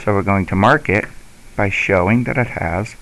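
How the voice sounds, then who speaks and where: A male teacher giving a slow, patient instructional lesson. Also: on the low side, creaky, fairly bright tone, slight background noise, low-quality recording.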